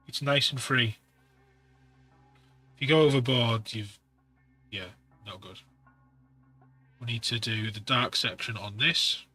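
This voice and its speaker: A man chats through hobby tool tips in a loose, rambling way, correcting himself as he goes. His voice is bright and a little forceful at an ordinary middle pitch. Soft music sits faintly behind him. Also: breathy edge. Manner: rambling, practical, self-correcting asides. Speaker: miniature painting hobbyist. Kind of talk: casual hobby tutorial talk.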